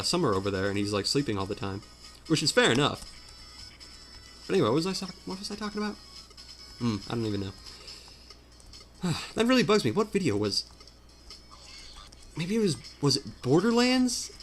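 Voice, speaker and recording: A man's voice: mid-range voice, a bit bright. A man chatting at home during a game playthrough, rambling and self-deprecating with many fillers. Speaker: let's play commentator. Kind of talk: rambling casual chat. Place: home room.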